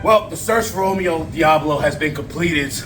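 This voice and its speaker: A man cutting a brash, rambling comedic wrestling promo, full of fillers and sudden yells. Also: on the high side, normal speed, over loud music.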